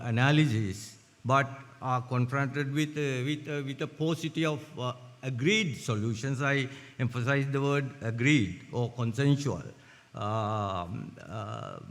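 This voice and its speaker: An older man giving a formal conference talk in a deliberate, measured way, with many hesitant fillers. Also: medium pitch, fairly bright tone. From Sri Lanka. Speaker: conference speaker. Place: large conference hall. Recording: long hall reverb.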